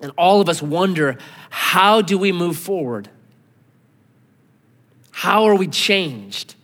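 A fairly high-voiced man preaches in his thirties, his pitch leaping all over as he acts out little voices. He swings from loud bursts to near hushes. A long reverb from a large church hall trails after every line. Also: lively intonation, slow pace. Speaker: pastor. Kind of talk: sermon.

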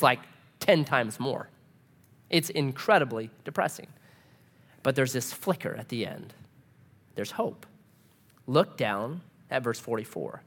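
Animated, chatty preacher man. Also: medium pitch. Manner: conversational and animated, with rhetorical questions and humor. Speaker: pastor. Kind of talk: sermon.

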